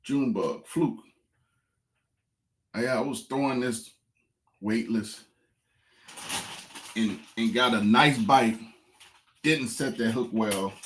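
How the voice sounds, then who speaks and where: A man, casually telling viewers a fishing story, repeating phrases and getting excited. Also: medium pitch, slow pace, pauses often. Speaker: fishing vlogger.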